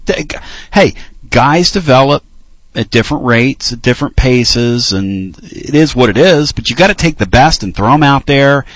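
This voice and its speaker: A man hosting a casual sports talk radio show, speaking earnestly and with heartfelt pauses. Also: mid-range voice, lively intonation, fairly bright tone, no room sound, poor audio.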